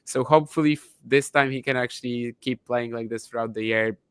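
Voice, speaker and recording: A man's voice: medium pitch, steady tone, brisk, clean tone, no echo. A man co-hosting a podcast, chatting casually and thinking aloud with frequent restarts. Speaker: podcast co-host. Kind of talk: casual chat.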